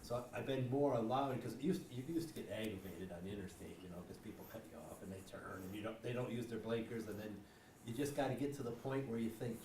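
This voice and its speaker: A man's voice: lowish voice, fast talker. A man taking part in a group discussion, chatting in an easy, agreeable way. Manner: conversational, agreeable. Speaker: class participant. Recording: roomy, distant, noisy room mic.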